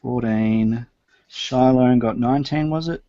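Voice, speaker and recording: A man's voice: medium pitch, a little slow, dark tone, no room sound, lo-fi sound. A man as game master of a tabletop game, narrating hesitantly with many fillers over a voice call.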